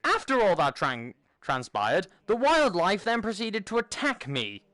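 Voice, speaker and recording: A man hosting a gaming video, telling a game-session story in casual chat, animated and often laughing. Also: sits high, unhurried, no room sound.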